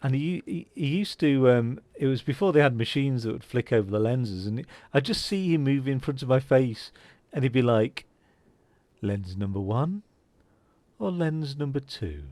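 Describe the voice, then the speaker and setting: Playing a game, this host rambles through casual commentary full of fillers and false starts. His mid-range voice is animated and a little mellow, his pace moderate, and the recording dry.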